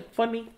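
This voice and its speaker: A middle-aged man reads a children's book aloud in a chatty, jokey way. His voice moves a lot in pitch and stays lively throughout. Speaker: host reading children's books. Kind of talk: casual read-aloud to a live chat.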